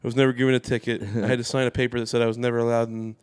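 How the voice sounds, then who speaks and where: A man telling a wild story in casual podcast chat, acting out the people in it with sudden jumps in pitch. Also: rapid-fire, clear, resonant tone. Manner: animated storyteller, acts out quoted voices with big pitch jumps. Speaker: podcast guest.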